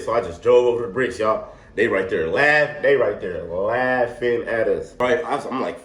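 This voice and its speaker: A young man telling a wild story in a casual, animated, slangy way, laughing often. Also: medium pitch, moderate pace. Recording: echoey room.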